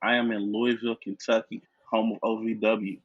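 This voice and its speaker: Husky, easygoing male podcast guest. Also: lowish voice, level tone, brisk, no room sound, dull audio. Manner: easygoing, laughs often. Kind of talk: casual interview chat.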